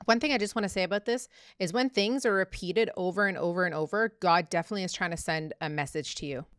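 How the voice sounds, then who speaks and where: A woman hosting a Christian channel, adding measured, affirming comments. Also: lowish voice, a bit bright, smooth, no room sound, clean studio sound. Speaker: channel host. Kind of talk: casual commentary.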